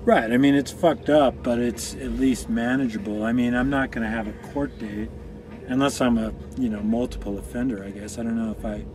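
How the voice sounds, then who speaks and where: A man from Colorado, a guest on a casual chat show, tells long, rambling stories packed with profanity and side tracks, in a room where marijuana is being smoked. His medium-pitched voice is steady and fairly quick, with a noisy background.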